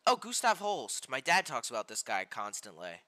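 A young man streaming a game live, reacting with loud outbursts and reading game text aloud. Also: medium pitch, very animated, normal speed. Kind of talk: live gameplay commentary. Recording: game music behind voice.

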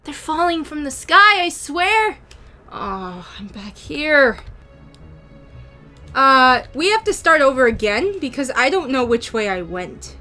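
A woman's voice: sits high, sing-song, slow, sharp tone, soft background music. A young woman giving casual, playful commentary while playing a video game, talking to herself with jokey taunts and sudden squeals. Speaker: gaming YouTuber.

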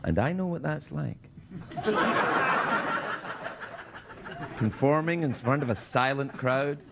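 A man with a Scottish accent delivering a comedy monologue as a late-night talk show host, jokey and animated, often laughing, before a loud studio audience. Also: medium pitch, normal speed, creaky, heavy background noise. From Scotland. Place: television studio stage. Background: audience laughing and cheering.

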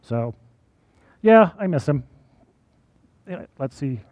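A man's voice: on the high side, big pitch swings, slow pace, darkish tone, no echo. Man giving a chatty college talk. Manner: conversational, often asks "right?". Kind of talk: personal talk to an audience.

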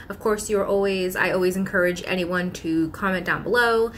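A woman talking casually to camera in a vlog. She talks in an animated, pleading way and sounds exasperated. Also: medium pitch, moderate pace, few pauses, slight background noise. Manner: animated, breaks into mimicked customer voices. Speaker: vlogger.

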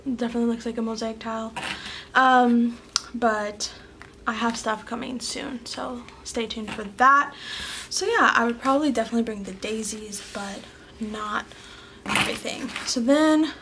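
A woman's voice: fairly high pitch, moderate pace, a bit bright, a little hiss or hum. A woman vlogging a casual haul from her desk at home, rambling and chatty with lots of "um" and "like", sometimes dropping almost to a whisper. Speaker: planner vlogger and sticker shop owner.

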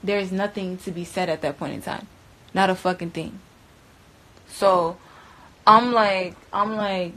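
A young woman recounting what happened in a loose, profane, rambling way, full of filler words, swinging between loud, animated bursts and hushed stretches. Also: mid-range voice, a little slow, low-quality recording. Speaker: interviewee recounting events. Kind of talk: casual storytelling.

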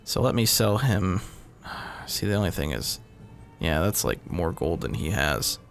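Self-mocking gravelly-voiced gamer. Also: male voice, low voice, lively intonation, measured pace. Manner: rambling, self-mocking, swears often. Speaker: gaming video host. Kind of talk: casual let's-play commentary. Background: game sounds and music.

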